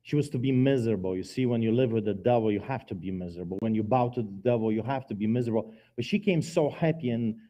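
A man preaching his personal testimony in a church, telling the story dramatically with emphatic swings in loudness. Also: on the low side, fast talker, hardly any pauses. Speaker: guest preacher giving testimony. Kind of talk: testimony sermon.

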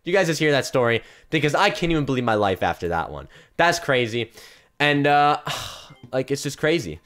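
A young man streaming a video game and unboxing cases, excitable, swinging from hushed mumbling to loud yelps and repeating phrases in rapid strings. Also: medium pitch, soft background music. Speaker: gaming streamer. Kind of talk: live-stream case unboxing commentary.

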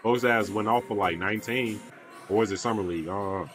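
A man's voice: lowish voice, quick pace, over music. A young man giving casual, slangy reaction commentary on a basketball video, with mumbled asides. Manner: laid-back slangy banter, mumbles asides.

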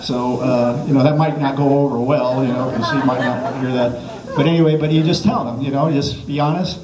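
A man's voice: medium pitch, steady tone, moderate pace, crowd noise. A man giving a jokey mock language lesson, rambling and restarting himself with constant okays. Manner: rambling, self-interrupting, lots of okays. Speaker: comedic language teacher. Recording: echoey room, distant mic.

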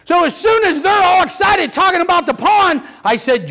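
An older man preaching a sermon, telling stories with lively energy and sudden shouts. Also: very high-pitched, moderate pace. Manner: animated storytelling, acts out children's voices, bursts into shouts. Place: church sanctuary.

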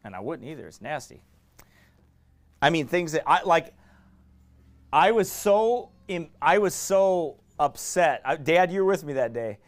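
A middle-aged pastor, preaching a sermon in fiery, emphatic bursts that swing from quiet asides to raised shouts. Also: male voice, a little high, big pitch swings, measured pace, pauses often.

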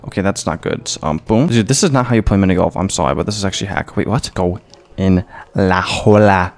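With a low, racing, creaky voice, a man gives gameplay commentary on YouTube that's excitable and full of jokes and mock-Spanish phrases.

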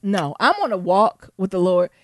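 A woman co-hosting a casual podcast chat, animated, laughing often and singing snatches of songs. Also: medium pitch, moderate pace, no echo, clean studio sound. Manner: animated, laughing, breaks into song. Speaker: podcast co-host.

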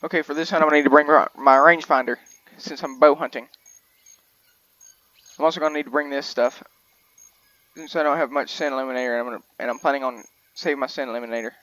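A man's voice: mid-range voice, steady tone, fast talker, a bit bright, no room sound, highs cut off. A young man, rambling and chatty as he gives casual commentary on a hunting game, often correcting himself mid-sentence. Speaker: gaming video host.

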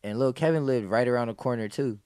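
A man's voice: medium pitch, quick pace, clear, resonant tone, no echo, studio quality. A man, a podcast guest, telling a story in casual, profane speech and acting out what people said. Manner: animated, profane, acts out quoted lines.

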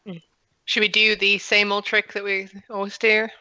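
A woman playing a tabletop game, brash and quick with casual swearing. Her voice is bright. The mic is close and dry. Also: mid-range voice, little pitch movement, no echo, poor audio. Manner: quick, bold, swears freely. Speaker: player.

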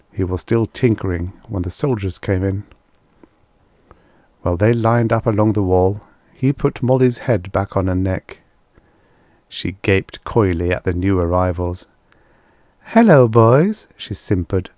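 A man narrating a vintage science fiction short story in a measured, steady way. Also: lowish voice, no room sound. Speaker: audiobook narrator.

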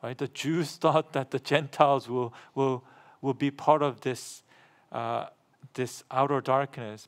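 A man's voice: fairly even intonation, measured pace. A middle-aged pastor preaching a sermon, repeating phrases for emphasis and asking the congregation questions, rising in volume when he reads scripture. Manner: gets louder and higher when reading scripture aloud.

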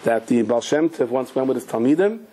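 Brief: male rabbi, husky voice, mid pitch, animated storyteller in a Torah class. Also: brisk. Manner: animated storyteller, asks listeners questions.

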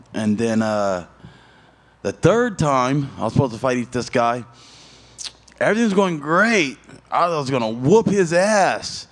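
A man in his thirties, a fighter at a media day interview, telling stories in a loose, profane way with lively voiced asides. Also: mid-range voice.

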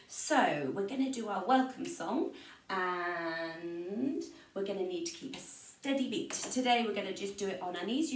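A woman teaching a music lesson to young children from her room at home, gentle and encouraging. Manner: gentle, encouraging, jumps high in pitch for sung parts. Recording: roomy, distant mic in home room.

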